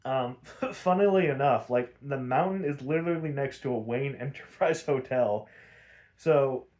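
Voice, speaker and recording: A man's voice: mid-range voice, measured pace, a little mellow. A man hosting a podcast, casually recapping a cartoon episode in a loose, profane way, laughing often and leaning on filler words. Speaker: podcast host.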